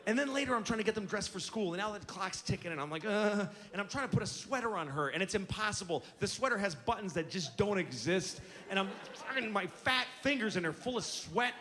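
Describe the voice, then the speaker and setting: A man's voice: sits high, expressive, fast talker, hardly any pauses, sharp tone, long reverb tail. A man in his forties telling exasperated, self-mocking stand-up stories on stage. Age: 40s. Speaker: stand-up comedian. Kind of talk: stand-up comedy storytelling.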